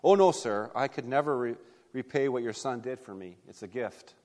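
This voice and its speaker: A man's voice: medium pitch, normal speed, darkish tone, long reverb tail, close to an everyday voice. A man voicing a humble, grateful young soldier in a sermon story, speaking earnestly.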